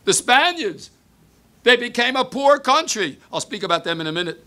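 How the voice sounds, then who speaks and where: An older man giving a sermon, telling a story with Hebrew phrases mixed in, moving between hushed and emphatic delivery. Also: very high-pitched, big pitch swings, normal speed. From United States. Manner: mixes Hebrew phrases into English.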